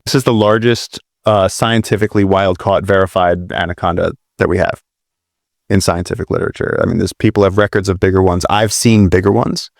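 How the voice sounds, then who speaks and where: Low gravelly man telling a wild story. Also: fairly quick, no room sound, clean studio sound. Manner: excited storytelling, swearing, many restarts. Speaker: wildlife adventurer guest. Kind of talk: animated storytelling in a podcast interview.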